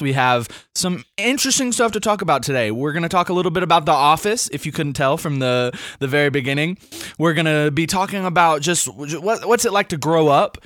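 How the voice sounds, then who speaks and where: A young man from Alabama, hosting a casual podcast and reading riddles in a playful, drawn-out way. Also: on the high side, fairly bright tone, no echo, clean studio sound. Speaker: podcast host.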